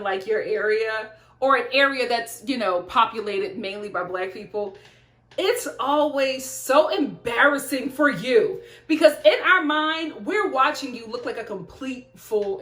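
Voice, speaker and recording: A woman's voice: on the high side, expressive, moderate pace, a bit bright, roomy sound. A woman reviewing a TV show in blunt, sassy casual chat, talking straight to her viewers.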